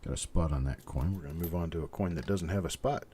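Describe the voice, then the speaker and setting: A middle-aged man hosting a live stream, calmly and methodically talking through each coin and greeting viewers by name. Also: sits low, fast talker, slight background noise. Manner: calm, methodical, talks while inspecting coins, greets viewers by name. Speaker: host.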